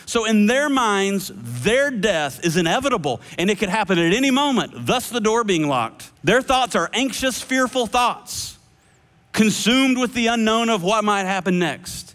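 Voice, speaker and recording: A pastor with a high, bright-edged man's voice preaches with earnest emphasis, pausing to let phrases land. His words ring out with a long hall reverb around them. He drops low and quiet whenever he quotes a line. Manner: earnest preaching with dramatic pauses, dropping soft for quoted words. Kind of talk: sermon. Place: church auditorium.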